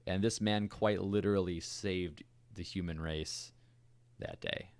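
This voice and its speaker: A man co-hosting a podcast, telling a history story in a relaxed, conversational way with fillers and asides. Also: low-pitched, a little slow, clean tone. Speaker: podcast co-host. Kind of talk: casual storytelling chat.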